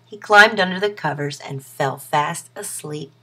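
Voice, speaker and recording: Female storyteller for a kids' picture book: expressive read-aloud, bright and airy. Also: sits low, unhurried. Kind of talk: reading a children's story aloud.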